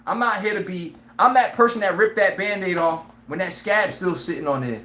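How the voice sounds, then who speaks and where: Brash, laughing live sports-stream host. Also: male voice, high voice, a little fast, roomy sound, a little hiss or hum. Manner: brash, animated, laughs often, acts out players' lines. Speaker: sports talk show host.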